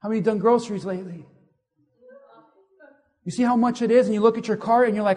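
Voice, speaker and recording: High-voiced man preaching in an echoey hall. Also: quick pace. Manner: animated, asks the audience questions. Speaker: pastor. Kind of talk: sermon with audience call-and-response.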